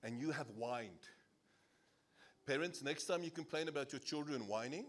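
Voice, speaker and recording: Animated high-voiced South African pastor. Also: male voice, moderate pace, pauses often. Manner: animated, laughing, playful asides to the congregation. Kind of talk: sermon. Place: church service.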